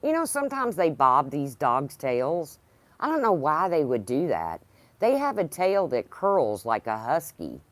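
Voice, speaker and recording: A woman's voice: deep voice, very animated, a little slow, dry recording. A woman chatting casually on a livestream, rambling and talking to her dog. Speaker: livestream host.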